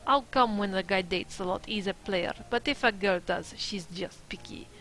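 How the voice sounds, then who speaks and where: A woman voicing a teenage boy with a put-on Russian accent, speaking slowly, low and muttered. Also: a bit bright, soft background music, natural voice, low-quality recording. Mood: puzzled.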